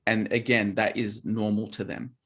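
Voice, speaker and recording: A man's voice: lowish voice, little pitch movement, normal speed, a bit bright, breathy edge. A man co-hosting a casual chat about diet, talking loosely and often restarting his sentences. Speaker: co-host.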